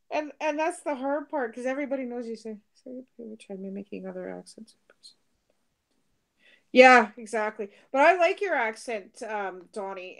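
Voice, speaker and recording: A middle-aged British-born woman without the accent, co-hosting a casual live stream, chatting and laughing as she answers viewer comments. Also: fairly high pitch. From Britain. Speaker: co-host reading viewer comments.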